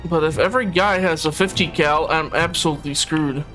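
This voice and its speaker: A man hosts a video game playthrough in casual, chatty commentary, often hesitating with fillers. His voice is bright and a little high. Faint game music sits underneath. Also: brisk. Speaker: host. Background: game audio and music.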